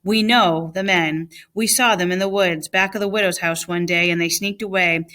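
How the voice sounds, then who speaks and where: A woman's voice: fairly low pitch, fairly even intonation, normal speed, bright, forceful tone. A woman reading aloud and voicing a kind, protective old Welshman in a storybook. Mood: reassuring.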